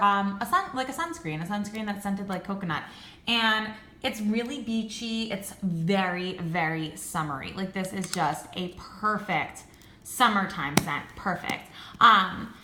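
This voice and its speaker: A young woman reviewing candles in a casual vlog, gushing and excitable, with lots of "like" fillers. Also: mid-range voice, echoey room, a little hiss or hum. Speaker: beauty and candle vlogger.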